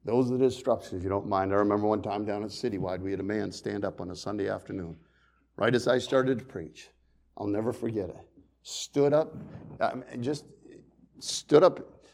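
A man pastor preaching a sermon, swinging between loud emphasis and quiet, hushed storytelling. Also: on the low side, steady tone, normal speed, gravelly.

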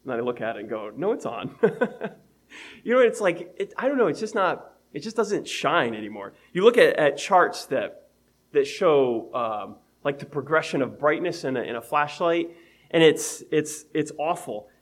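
A man's voice: on the high side, sing-song, normal speed. A man preaching an evening sermon in a conversational way, reading scripture aloud and laughing at his own everyday examples.

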